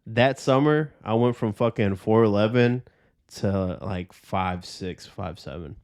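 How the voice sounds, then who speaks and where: A young man in his twenties chats on a podcast with a slightly low voice. He rambles through his stories in a loose, easygoing way and curses often. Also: measured pace, a little mellow, clean tone. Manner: loose storytelling with heavy cursing. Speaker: podcast host. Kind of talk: casual chat.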